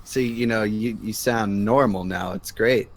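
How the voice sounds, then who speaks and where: A man's voice: on the low side, unhurried. A man guesting on a casual gaming stream, jokey and a bit sleepy. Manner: animated, jokey, sleepy after waking.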